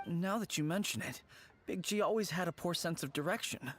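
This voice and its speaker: A man voicing an earnest young male childhood friend in a video game, warm and nostalgic. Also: sits high, brisk, a little hiss or hum, natural voice. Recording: game audio with faint music.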